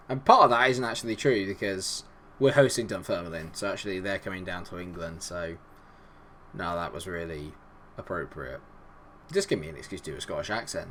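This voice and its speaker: A man's voice: deep voice, brisk, a bit bright, slight background noise. A man hosting a game video, giving chatty, enthusiastic, self-deprecating commentary. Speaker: gaming video host.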